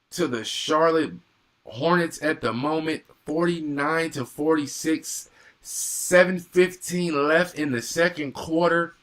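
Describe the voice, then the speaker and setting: A young man doing live play-by-play and reaction on a stream, reading viewer comments and bursting into excited exclamations. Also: fairly high pitch.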